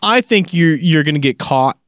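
A man's voice: fairly high pitch, lively intonation, normal speed, a bit bright, no room sound. A man co-hosting a podcast in casual chat, enthusiastic and self-deprecating. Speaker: podcast co-host.

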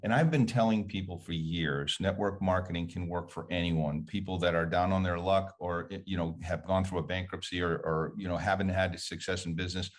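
A man speaking as a guest on a podcast in a measured, conversational way. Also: sits low, steady tone. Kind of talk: casual conversation.

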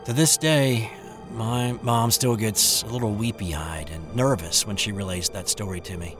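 A man reading a first-person ghost story aloud in an expressive, dramatic way. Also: on the low side, measured pace, over music.

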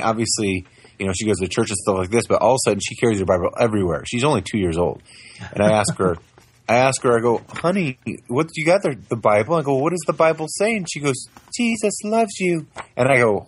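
A young man in a casual talk, animated as he tells stories about his small daughter and acts out the voices. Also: lowish voice, breathy edge, no room sound. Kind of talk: casual chat.

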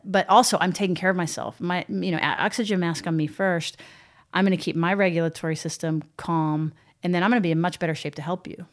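Calm, reflective woman podcast co-host. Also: lowish voice, fast talker. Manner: reflective, explains calmly and self-critically. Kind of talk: casual podcast conversation.

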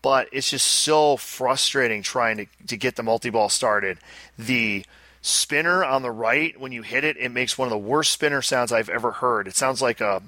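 Pinball machines are the topic as a podcast co-host rambles, jokes and throws in rapid asides during casual chat. His voice sits at medium pitch, bright and forceful, with no echo.

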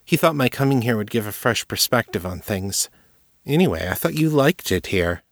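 A man's voice: medium pitch, animated, normal speed, creaky, no echo, clean studio sound. Man voicing a wary young telepath woman. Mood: weary. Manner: wary, quiet, earnest.

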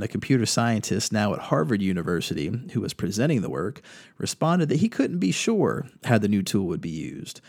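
A man's voice: on the low side, dry recording, studio quality. A man hosting a podcast, reading news quotes and adding casual commentary. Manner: reads quotes from articles, adds opinion. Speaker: podcast host.

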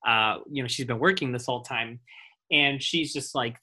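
A man's voice: mid-range voice, normal speed, sharp tone, slightly rough. A man co-hosting a podcast in easygoing casual chat, often agreeing and saying "you know". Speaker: podcast co-host.

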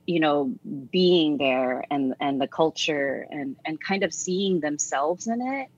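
A woman's voice: deep voice, expressive, slow pace, a little mellow. A woman in her forties, a teacher and author, talking through her own story in an earnest, reflective interview. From United States. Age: 40s. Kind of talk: casual reflective interview talk. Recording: slightly dull, dry recording.

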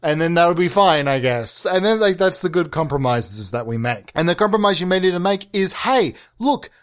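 Man, high-pitched voice, rambling comedic podcast monologue, swears, bounces between bits. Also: expressive, a little fast, smooth. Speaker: podcast host.

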